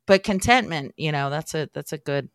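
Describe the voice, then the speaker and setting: A woman's voice: sits low, lively intonation, normal speed, dry recording, studio quality. A woman hosting a podcast, asking long rambling questions packed with fillers in a casual chatty way. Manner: rambling questions full of likes and you-knows. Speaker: podcast host. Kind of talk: casual interview chat.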